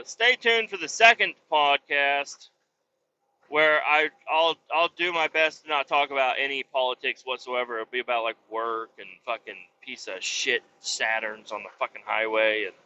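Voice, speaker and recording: A man hosting a podcast, rambling in a profane, meandering way with many pauses and restarts, on a dull lo-fi recording. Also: mid-range voice, sharp tone, clear, resonant tone. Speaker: podcast host and roadside tow operator. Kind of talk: casual rambling monologue.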